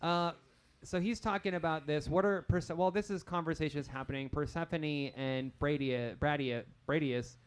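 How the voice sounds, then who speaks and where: A man running a tabletop game as game master, playful and quick with asides. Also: on the high side, steady tone, clear, resonant tone.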